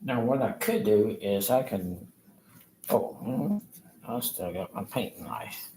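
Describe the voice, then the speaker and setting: A man's voice: on the low side, sing-song, takes it slowly, mellow, slight background noise, rough recording. A man chatting in a rambling, chuckling way while painting live on a stream. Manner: rambling, chuckling, self-interrupting. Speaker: painting instructor.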